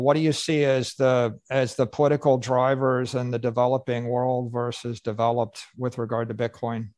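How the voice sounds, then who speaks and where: A man's voice: mid-range voice, level tone, moderate pace, hardly any pauses, a little mellow, no room sound, studio quality. Emphatic male panel moderator. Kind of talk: conference panel discussion.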